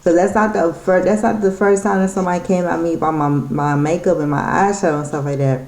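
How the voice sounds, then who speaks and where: A woman's voice: lowish voice, steady tone, fast, a little mellow, reverberant. A woman telling a story in a casual vlog, rambling and irritated, with many restarts. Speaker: vlogger.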